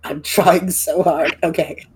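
A woman's voice: low-pitched, steady tone, slow, a little mellow, a little hiss or hum, poor audio. A woman player speaking in character during a tabletop role-play game, playful and self-mocking.

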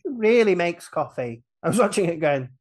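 A man on a casual podcast, retelling a film's plot with lively energy, acting out the characters' lines and laughing often. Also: high voice, normal speed. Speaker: podcast guest retelling a film.

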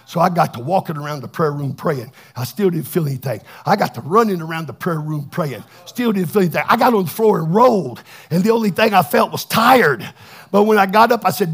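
A man preaching a fervent Pentecostal sermon, swinging from chatty asides to shouted bursts. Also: fairly high pitch, lively intonation, fairly quick, a faint crowd. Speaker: pastor.

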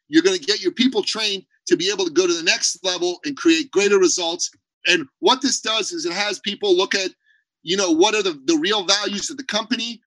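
Bright, high-voiced man talking bluntly. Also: no room sound, low-quality recording. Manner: emphatic, blunt, animated storytelling. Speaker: podcast guest, business owner. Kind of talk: energetic interview talk.

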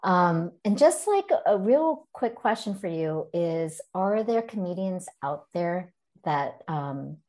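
A woman's voice: on the low side, lively intonation, takes it slowly, hardly any pauses, darkish tone, slight background noise. A woman hosting an interview, asking questions and laughing along with her guest. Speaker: host. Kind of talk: interview host.

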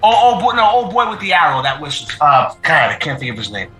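A man chatting casually on a podcast, emphatic and quick to laugh, repeating himself as he talks. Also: a little high, very animated, reverberant, over music, poor audio. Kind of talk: casual chat.

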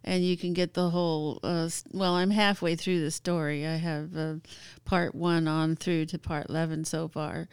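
A woman recounts her own story in easy conversation, often stopping on fillers and laughing between phrases. Her voice is smooth and clear, and the recording is dry and close. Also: deep voice, level tone, moderate pace, a little mellow, dry recording. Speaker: guest. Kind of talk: casual storytelling.

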